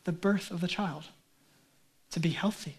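A male pastor giving a sermon in a conversational, animated way, with casual asides. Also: sits high, measured pace.

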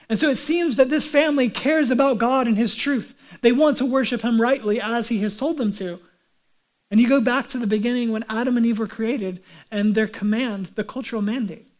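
Conversational male pastor preaching. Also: extremely high pitch. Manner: conversational, asks the listeners many rhetorical questions. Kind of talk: sermon.

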